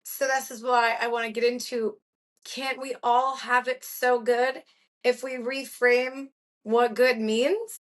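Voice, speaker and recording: A woman's voice: on the high side, little pitch movement, takes it slowly. A woman hosting a podcast, asking frank questions in casual chat, with plenty of "like". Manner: frank, blunt, uses fillers like "like". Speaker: podcast host.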